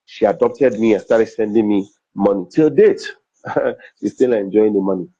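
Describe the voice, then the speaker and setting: A man's voice: on the low side, normal speed, mellow, husky. A middle-aged man with a Nigerian accent, a comedian and MC telling personal stories in an interview, acting out dialogue and repeating phrases for emphasis. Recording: dull, slightly lo-fi recording.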